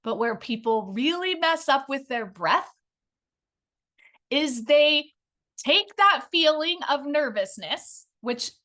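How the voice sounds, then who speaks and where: A middle-aged woman giving a lively online workshop on public speaking, talking energetically and addressing her audience as "you guys". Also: sits high, slow pace. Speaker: speaking coach. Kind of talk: live online workshop talk.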